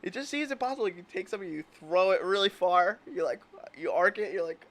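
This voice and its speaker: A man's voice: sits high, expressive, quick pace, a bit bright. Giggly man rambling in casual chat. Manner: giggly, rambling, laughs through his words; acts out imagined lines in silly voices. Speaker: host.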